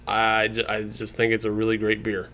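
A man's voice: on the low side, completely flat delivery, normal speed, fairly bright tone. A man co-hosting a casual beer review show, easygoing and plain-spoken. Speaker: podcast co-host. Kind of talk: casual chat.

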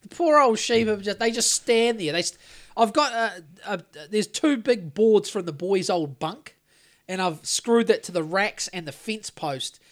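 A man's voice: high-pitched, expressive, a little slow. An Australian man co-hosting a podcast, telling a long story in a rambling, sweary way with lots of restarts. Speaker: podcast co-host. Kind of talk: casual chat.

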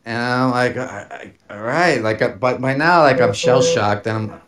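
A man's voice: medium pitch, moderate pace, fairly bright tone. A man casually telling a personal story on a podcast, swearing freely and laughing as he talks. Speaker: podcast host.

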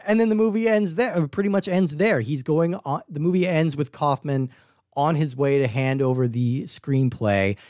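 Animated man chatting about films. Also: a little high, moderate pace, no echo, studio quality. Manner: animated, rambling, frequent "like" and restarts. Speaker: podcast co-host. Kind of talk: casual film discussion.

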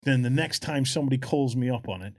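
A man hosting a casual tabletop gaming chat show, playful and quick to laugh. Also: mid-range voice. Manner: giggly, playful, animated. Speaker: podcast host.

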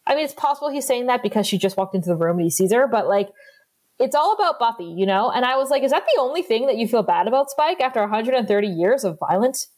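A woman's voice: a little high, expressive, fast, darkish tone. Chatty woman podcast co-host. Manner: laughs often, retells scenes with quoted lines. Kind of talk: casual recap chat.

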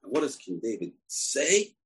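A man's voice: medium pitch, big pitch swings, moderate pace, a bit bright, husky, low-quality recording. A man teaching a Torah lecture emphatically, posing questions and answering them himself. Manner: emphatic, asks and answers his own questions. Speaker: religious teacher.

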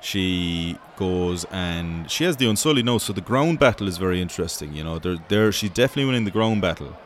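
A man's voice: sits low, animated, a little fast, a little hiss or hum. An Irish man hosting a show, giving joking, profane mock sports commentary in rambling banter. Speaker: host.

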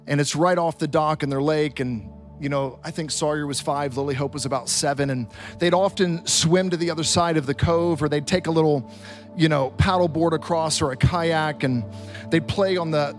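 A man in his thirties, a pastor preaching a sermon from a stage and telling stories in an animated, vivid way. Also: a little high. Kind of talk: storytelling sermon. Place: church stage.

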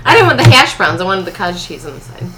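A woman's voice: lowish voice, sing-song, fast. A woman guest in casual chat, telling a story animatedly and laughing often. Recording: echoey room with background noise.

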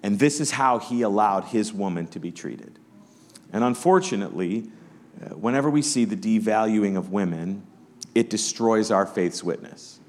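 A man's voice: lowish voice, animated, moderate pace, darkish tone. A pastor preaching a Sunday sermon in church, conversational, acting out the voices of Bible characters as he tells the story.

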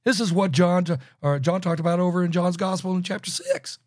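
Man, bible teacher, fairly high voice, emphatic, loud bursts and low asides, dry close sound. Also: fairly quick, no room sound.

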